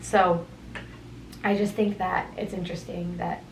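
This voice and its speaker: A young woman hosts her own podcast and thinks aloud in an unhurried, reflective way, drifting into tangents now and then. Her voice sits a little low for a woman. The room rings around her, and a faint hiss stays under everything. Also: flat delivery, vocal fry, reverberant. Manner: thoughtful, meandering, with tangents and soft laughs. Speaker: podcast host. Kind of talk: reflective solo podcast talk. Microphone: headphones on, studio-style mic.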